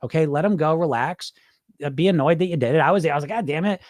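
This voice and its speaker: Play him as a casual middle-aged weight coach, rambling and swearing loosely. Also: male voice, fairly high pitch, quick pace, darkish tone, no room sound. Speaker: weight loss coach hosting a live stream. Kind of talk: casual live-stream chat reading viewer comments.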